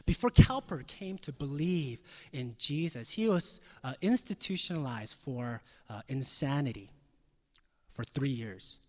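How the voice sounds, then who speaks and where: A man's voice: mid-range voice, lively intonation, a little slow, long reverb tail. A male pastor preaching a sermon, driving hard on stressed words and then dropping to a near whisper. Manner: emphatic, swings from loud stresses to soft near-whispers.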